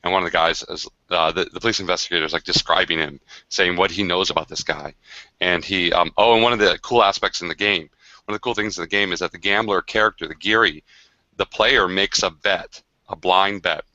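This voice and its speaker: A man's voice: deep voice, fairly even intonation, fairly quick, sharp tone, no echo, muffled recording. A man casually recounting a tabletop game session on a video call, rambling with many fillers and restarts. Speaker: game designer on a livestream.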